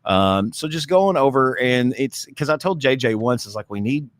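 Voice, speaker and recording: A man's voice: mid-range voice, lively intonation, moderate pace, dry recording. A man co-hosting a podcast in a laid-back, jokey way, walking the listener through steps on screen. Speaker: podcast co-host. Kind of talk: casual chat.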